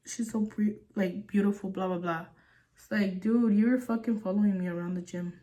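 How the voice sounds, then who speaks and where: A woman's voice: mid-range voice, normal speed, a little mellow. A young woman vlogging, telling a story while doing her makeup, chatty and full of fillers, swearing casually.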